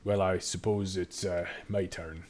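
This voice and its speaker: Man doing a low-voiced dwarf, sly, drawling, fond of whiskey, tabletop game. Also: flat delivery, unhurried, a little mellow. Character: gruff old male dwarf, hard-drinking and sly.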